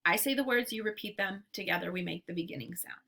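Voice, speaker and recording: A woman teacher leading a phonics lesson for young children, patient and deliberate, stretching out sounds and syllables. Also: mid-range voice, vocal fry, bright, forceful tone.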